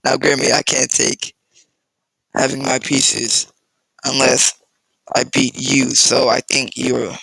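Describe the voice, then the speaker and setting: A man's voice: medium pitch, little pitch movement, slow pace, gravelly, pauses often, sharp tone, husky, dry recording, full character voice, low-quality recording. A man voicing a brash, boastful teenage boy who is heir to a demon house, with little change from his own voice. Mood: angry. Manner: boastful, defiant.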